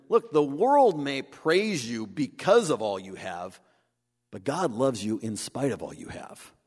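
A man preaching a sermon, animated, acting out the voices he quotes. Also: mid-range voice. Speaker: pastor. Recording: long hall reverb.

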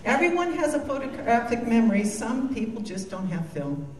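A woman's voice: a little high, sing-song, normal speed, a little mellow. A woman giving a devotional talk, earnest and heartfelt, with joking asides. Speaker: Christian speaker. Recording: echoey room from a distance.

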